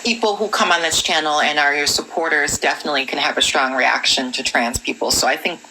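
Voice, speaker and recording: A woman guest in a live-stream debate, talking in a measured, conversational way and calling herself sensitive. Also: deep voice, sharp tone, a little hiss or hum, low-quality recording. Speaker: livestream guest.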